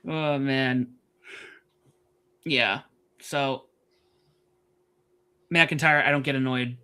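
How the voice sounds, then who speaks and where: Bright, jokey man chatting. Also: medium pitch, takes it slowly, pauses often. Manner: relaxed, jokey, trails off with fillers. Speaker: podcast co-host. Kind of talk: casual wrestling chat on a live stream.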